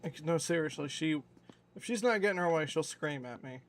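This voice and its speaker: A man's voice: a little high, expressive, brisk, a little hiss or hum. A man streaming, chatting casually and swearing while scolding his dog. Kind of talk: casual chat on a live stream.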